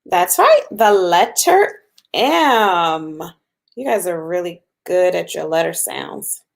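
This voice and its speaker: A woman teaching a phonics lesson to young children, patient and encouraging, sounding out letters slowly. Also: lowish voice, animated, vocal fry. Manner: slow, patient, drawn-out sounds with encouraging praise.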